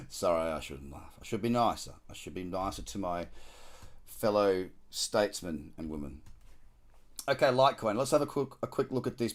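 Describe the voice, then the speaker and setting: An Australian man hosting a live trading stream, talking casually and slangily as he walks through charts and cracks dad jokes. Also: fairly low pitch. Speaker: trader hosting a live market scan.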